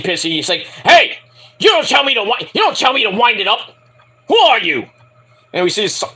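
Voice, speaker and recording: Animated, bright-voiced man rambling a review. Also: sits high. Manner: rambling, animated, mimics wrestlers in shouted bursts. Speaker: wrestling show reviewer. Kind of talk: casual solo review.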